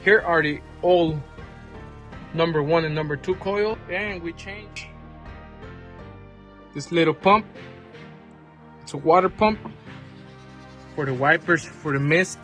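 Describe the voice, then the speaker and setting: A mechanic with a fairly bright, higher-pitched voice talks slowly and pauses often as he walks through a car repair, explaining parts and prices in plain, informal language. Faint music plays behind this casual how-to repair vlog.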